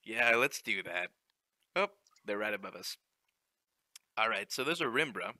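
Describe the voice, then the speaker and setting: A young man narrates his own gameplay in a relaxed, joking way. He fills pauses with ums and talks straight to his viewers. His voice is sharp and bright, recorded dry and close. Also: on the low side, no room sound. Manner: chatty, joking asides with many ums. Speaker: let's play host. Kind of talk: casual game commentary.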